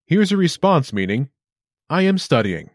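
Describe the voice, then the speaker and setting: A man hosting a short language lesson, reading scripted narration with a clear, upbeat instructional delivery. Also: a little high, sing-song, moderate pace, no room sound, studio quality.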